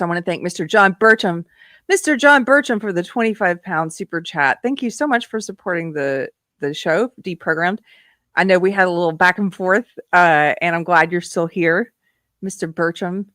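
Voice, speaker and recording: A woman hosting a casual live-stream talk show, laughing often and ranting in an animated way. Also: on the low side, a little fast, no room sound, clean studio sound. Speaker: host.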